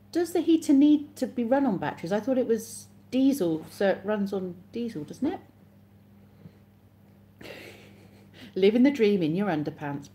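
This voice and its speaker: A woman's voice: medium pitch, mellow, a little hiss or hum. An English woman hosting a casual live stream, chatting and reading viewer comments aloud with frequent laughs. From England.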